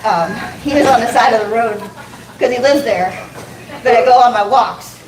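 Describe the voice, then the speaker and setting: At a moderate pace and in a rather high voice, a woman works a comedy club stage with self-deprecating humor, swearing as she laughs at her own jokes. The sound is noisy and echoey, picked up from afar.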